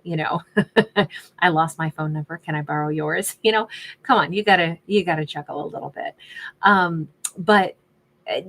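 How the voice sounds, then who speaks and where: A woman's voice: fairly low pitch, fairly bright tone. A woman doing a casual tarot reading, chatty and sassy, laughing often and reading out viewer names. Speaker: tarot reader.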